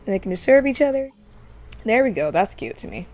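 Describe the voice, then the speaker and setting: A woman's voice: medium pitch, very animated, brisk, a little mellow, soft background music. A woman chatting playfully through a life-sim game let's play, giggling often. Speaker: gaming channel host.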